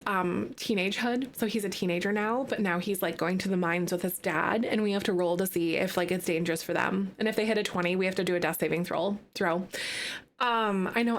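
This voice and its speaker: A woman's voice: medium pitch, fairly quick. A woman streaming a life-sim game, chatting to her viewers in a loose, filler-heavy way. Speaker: gaming streamer. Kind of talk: live-streamed gameplay commentary.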